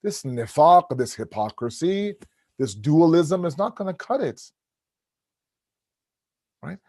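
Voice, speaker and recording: A middle-aged man preaching in a sermon-style lecture, his voice sitting a touch high for a man. He talks in a lively way, tumbles over quick restarts and acts out small everyday scenes. The sound is close and dry with no room around it. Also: no room sound. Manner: quick restarts and repeated words. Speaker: religious lecturer.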